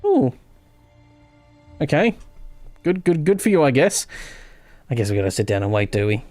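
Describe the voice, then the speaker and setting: A man's voice: medium pitch, very animated, normal speed, a little mellow, soft background music. A man chatting casually and rambling while streaming a game live. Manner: rambling, chatty, self-interrupting. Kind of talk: casual live gameplay chat.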